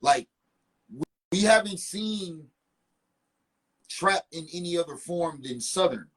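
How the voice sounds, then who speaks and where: Husky-voiced man, emphatic and animated. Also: fairly high pitch, slow pace. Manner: animated, emphatic, repeats himself. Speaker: podcast guest. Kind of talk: casual hip-hop talk.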